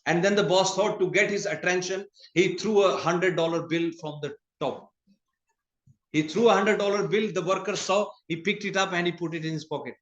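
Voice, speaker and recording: Guy teaching scripture in a temple, fairly high voice, laughs a lot, echoey hall. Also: normal speed, muffled recording. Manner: conversational, laughs often, tells stories. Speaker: speaker giving a scripture class. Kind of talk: sermon.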